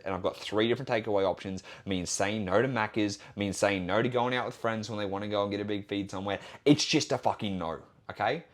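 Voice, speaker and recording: A young Australian fitness trainer hosts a solo podcast, talking bluntly and assertively with plenty of swearing. His voice sits on the low side.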